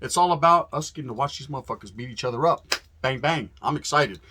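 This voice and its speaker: A man's voice: mid-range voice, fast talker, background noise. A man from California hosting a profane, fired-up fight promo, talking in street slang laced with Spanish words. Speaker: host. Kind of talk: hyped fight promo monologue.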